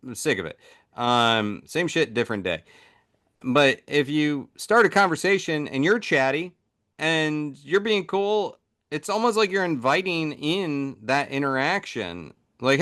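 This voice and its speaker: Animated man hosting a chat. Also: mid-range voice, unhurried. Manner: animated, acts out voices in his stories. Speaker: podcast host. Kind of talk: casual chat.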